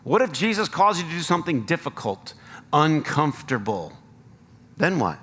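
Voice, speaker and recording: A man's voice: fairly high pitch, big pitch swings, moderate pace, pushed and bright, husky, long reverb tail. An American man preaching a sermon as pastor, earnest and rising to emphatic appeals. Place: church sanctuary.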